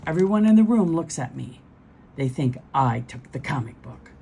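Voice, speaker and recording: A woman reading a children's storybook aloud, gentle and expressive. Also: deep voice, moderate pace, gravelly, a little hiss or hum, rough recording.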